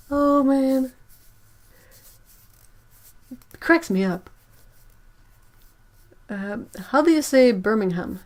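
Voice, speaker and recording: A woman's voice: high voice, expressive, drawn-out words, pauses often. A young woman, hosting a casual livestream chat, musing aloud and sounding out words with frequent laughs. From Quebec, Canada. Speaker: livestream host, artist.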